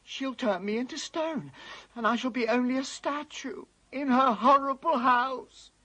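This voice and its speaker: A woman's voice: high-pitched, unhurried, fairly bright tone, rough recording. A woman voicing a guilt-ridden, tearful male fawn in an amateur radio play. She talks anxiously and stammers. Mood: guilty, fearful. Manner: anxious, stammering, breaking into sobs.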